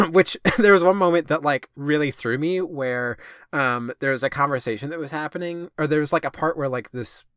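A man's voice: a little high, normal speed, fairly bright tone, clear, resonant tone, no room sound. Rambling man with a dry close sound. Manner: rambling, filler-heavy, swears casually. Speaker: podcast co-host. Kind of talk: casual chat.

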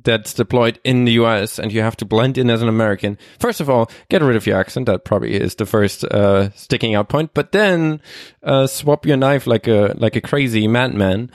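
A man co-hosting a podcast, talking in an animated way and laughing easily. His voice sits mid-range and sounds close and dry. Nothing of the room comes through. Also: medium pitch, moderate pace, few pauses, no echo. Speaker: podcast co-host. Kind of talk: casual chat.

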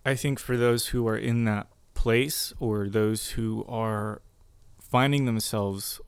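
A man, a marriage and family therapist, earnestly sharing his faith story in a casual conversation, reflective and soft-spoken. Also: fairly low pitch, steady tone, slow pace, vocal fry, smooth, dry recording.

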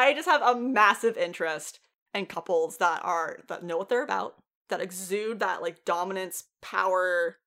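A woman co-hosting a podcast, recapping a TV show in casual, animated chat, swearing freely and laughing often. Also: medium pitch, normal speed. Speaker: podcast co-host.

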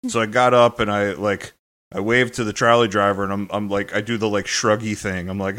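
A man's voice: lowish voice, fairly even intonation, fairly quick, a bit bright. A man co-hosting a podcast, telling a long casual story in a rambling, loose way, full of fillers. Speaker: podcast co-host.

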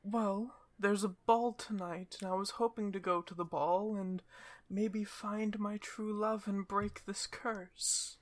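A woman voicing a sad, gentle cursed young woman who turns into a grizzly bear, with a soft, breathy, higher voice. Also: steady tone, slow pace, natural voice. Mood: wistful. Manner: wistful and polite.

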